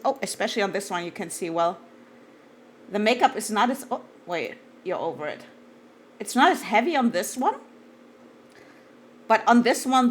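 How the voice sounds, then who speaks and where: A woman streaming live, chatting casually and gushing excitedly, swearing freely and trailing off into fillers. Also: mid-range voice, a little hiss or hum.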